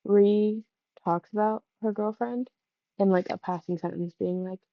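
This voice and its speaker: A woman's voice: medium pitch, fairly even intonation, measured pace, dry recording. A woman making a self-mocking, blunt aside in a casual book review vlog. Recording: dull, dry lo-fi recording.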